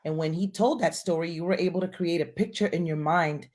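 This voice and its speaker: A woman's voice: fairly low pitch, a little fast, darkish tone. A woman hosting a live stream conversation, speaking with enthusiasm and addressing viewers directly.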